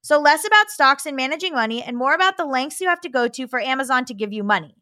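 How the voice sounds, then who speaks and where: Bright high-voiced woman reading listener mail. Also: expressive, fast talker, no echo, clean studio sound. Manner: reads letters aloud, laughs and riffs between them. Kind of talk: casual podcast chat, reading letters aloud.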